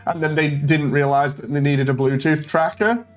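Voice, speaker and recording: A man streaming casually, telling a story with animated energy and reading out chat messages in a mocking tone. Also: a little high, normal speed, faint music behind. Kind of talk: casual stream chat, retelling an online exchange.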